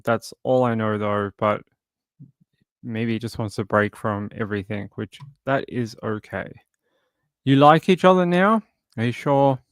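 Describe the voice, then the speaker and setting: A man's voice: mid-range voice, clean tone, no echo, clean studio sound. Joking man hosting a live stream. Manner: joking, rambling, chats with viewers. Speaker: true crime livestream host. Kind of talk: casual live-stream chat.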